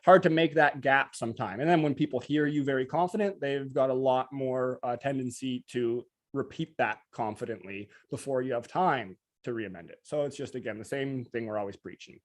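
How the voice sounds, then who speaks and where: A man co-hosting a casual live stream, talking very fast with many restarts, over a video call. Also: mid-range voice. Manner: very fast talker, restless restarts. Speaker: co-host.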